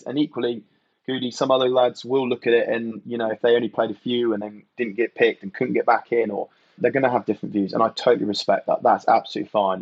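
A man from England with a low, husky voice answers questions in a relaxed, reflective way and leans on "you know" and "mate". The sound is dry and a little muffled, like a podcast recorded in a small, dampened room. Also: no room sound. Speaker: podcast guest, retired rugby player. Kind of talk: casual podcast chat.

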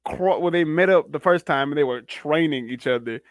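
A man's voice: fairly high pitch, brisk. A man co-hosting a casual podcast chat, wry and sarcastic, acting out characters in mock voices. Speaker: podcast co-host.

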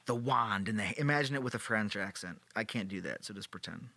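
Brisk and sharp-toned, this podcast host's voice sits on the low side, heard without echo. He narrates a history tale loosely and playfully, dropping in sarcastic quips.

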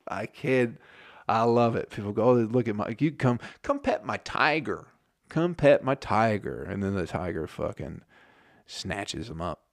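A comedian riffing casually, swearing often and laughing through rambling stories. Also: male voice, on the low side, a little mellow, no echo, studio quality. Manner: profane, laughing, rambling storytelling.

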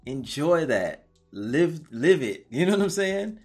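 A man's voice: a little high, very animated, measured pace, darkish tone, husky, soft background music. A man hosting a podcast interview, giving encouraging, preacher-like advice with lots of repetition. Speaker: podcast host. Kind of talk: casual interview chat.

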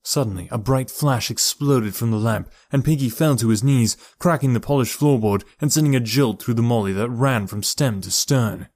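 A man with a medium-pitched voice narrates an audiobook from a script, keeping a steady, measured storytelling delivery. The audio is clean studio sound with no room sound.

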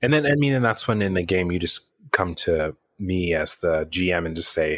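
A man's voice: low-pitched, normal speed, few pauses, a bit bright, no room sound, studio quality. A man co-hosting a casual podcast chat about running tabletop games, rambling with many restarts. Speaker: podcast co-host and game master.

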